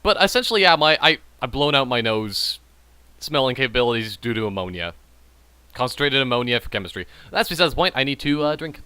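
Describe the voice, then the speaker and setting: A man's voice: mid-range voice, expressive, a little fast, bright, forceful tone, clear, resonant tone, no echo. A man hosting a gaming channel, rambling and joking about beer while he plays. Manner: rambling, jokey, self-mocking; frequent trailing restarts. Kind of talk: casual gameplay commentary while drinking beer.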